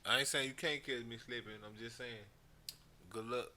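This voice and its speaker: A man's voice: mid-range voice, moderate pace. A man co-hosting a podcast, telling stories in a loose, profane way and laughing often. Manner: animated, laughing, profane storytelling. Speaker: podcast co-host. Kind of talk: casual chat.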